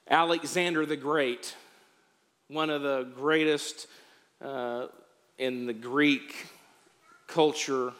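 A man preaching as a pastor, moving from quiet storytelling to rising exhortation. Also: on the high side, in a large hall. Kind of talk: sermon.

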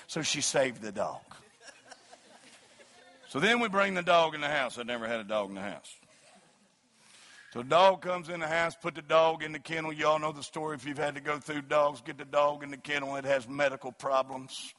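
A middle-aged man preaching a sermon, rising into loud shouted passages and then telling joking stories about his family and dog. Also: a little high, moderate pace. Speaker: pastor. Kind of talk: sermon with humorous storytelling.

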